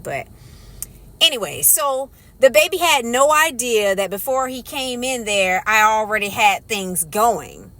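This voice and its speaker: A young woman, chatting casually to her camera as she tells a story in a faith vlog, with playful asides and quick voice shifts. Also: fairly high pitch, sing-song, a bit bright. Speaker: vlogger.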